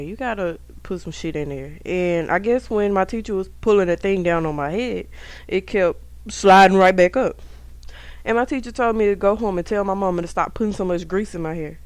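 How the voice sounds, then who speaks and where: A young woman hosting a podcast, telling stories from her school years in a casual, profane, animated way, talking straight to her listeners. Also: mid-range voice, no room sound. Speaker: podcast host. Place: indoors at home.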